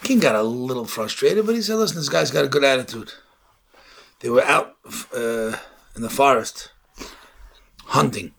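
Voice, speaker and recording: A man preaches as a rabbi with a gravelly, husky voice. He weaves stories into his sermon and rises to impassioned shouts on the key points. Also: medium pitch, animated, moderate pace, pauses often. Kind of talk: sermon with storytelling.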